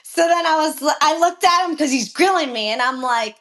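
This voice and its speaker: High-voiced woman telling a lively story. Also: normal speed. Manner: animated, profane, acts out quotes with raised voice. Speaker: professional jockey, podcast guest. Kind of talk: casual storytelling interview.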